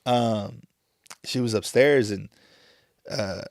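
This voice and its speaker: A man in his thirties talking on a podcast, emotional and halting, tearing up as he speaks with many restarts. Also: medium pitch, creaky, no room sound, studio quality. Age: 30s. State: tearful. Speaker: podcast host. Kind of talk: casual chat.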